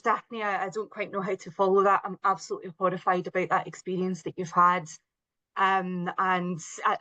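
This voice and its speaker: A middle-aged woman with a broad Glasgow accent presents over a video call. Her voice sits a little low, and the recording is dry and close. She talks earnestly, often pausing on "um" and restarting phrases. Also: fairly bright tone, no echo, rough recording. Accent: Scottish, Glasgow. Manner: earnest, with frequent ums and restarts. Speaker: charity support services head, webinar panellist. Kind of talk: presentation on a webinar.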